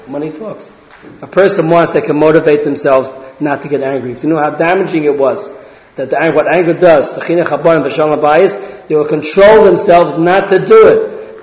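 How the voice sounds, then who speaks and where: A man delivering a casual lecture with stories, his voice sitting slightly high for a man. He keeps asking rhetorical questions and tosses in "right?" as he goes. The recording is muffled and lo-fi, heard through long reverb in a large hall. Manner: rhetorical questions, frequent restarts and tag "right?". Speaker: religious parenting lecturer. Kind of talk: informal lecture with anecdotes. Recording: echoey hall, dull lo-fi sound.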